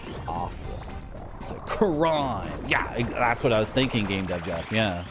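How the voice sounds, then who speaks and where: A man's voice: on the low side, normal speed. A young man, chatting in a self-mocking way to his viewers while playing a game at home. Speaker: streamer. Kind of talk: casual gameplay commentary. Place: home streaming room with a game shelf. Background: retro game music.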